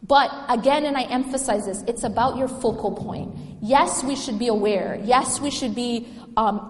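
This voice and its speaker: A woman giving a religious lecture to a live audience, engaging them with questions. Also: a little high. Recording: echoey lecture hall.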